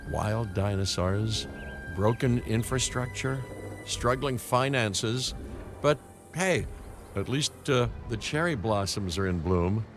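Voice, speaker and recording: Wry game narrator, slow drawl, lively intonation, clear music behind. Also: male voice, on the low side. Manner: wry, drawling, with scripted hesitations. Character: wry, world-weary male park storyteller. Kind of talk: scripted game voice acting.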